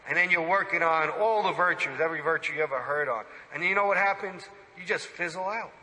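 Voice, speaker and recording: A man, a priest, preaching a sermon in an animated, emphatic way and putting direct questions to his listeners. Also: on the high side, fast talker. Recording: long church reverb.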